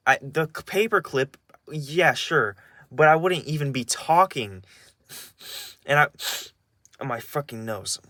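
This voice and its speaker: A man's voice: a little high, lively intonation, sharp tone, no room sound. Angry young man ranting, dry close sound. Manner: angry, halting, many restarts and swearing. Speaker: vlogger. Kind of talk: emotional personal rant.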